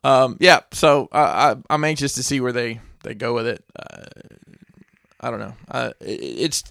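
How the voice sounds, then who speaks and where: Mid-pitched man, hesitant casual talk. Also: normal speed, creaky, fairly bright tone, no room sound, clean studio sound. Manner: hesitant, trailing off, restarts. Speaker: podcast co-host. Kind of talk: casual chat.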